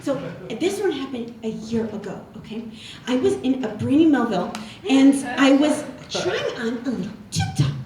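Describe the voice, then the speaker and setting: A woman's voice: sits high, sing-song, normal speed, far from the mic, crowd noise. Woman doing a rambling, bragging oddball lady. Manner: rambling, repetitive, tacks on "okay?". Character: oddball self-absorbed woman retail worker, rambling braggart. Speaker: stand-up character comedian. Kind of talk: live character stand-up monologue. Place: stage before a live audience. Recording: roomy live stage sound from afar with audience.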